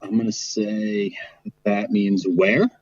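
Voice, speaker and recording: A man's voice: on the low side, flat delivery, takes it slowly, darkish tone, dry recording. A man from New York as a podcast guest, guessing puzzled with swearing and hesitant fillers over a remote call. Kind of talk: casual podcast chat. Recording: dull lo-fi call audio.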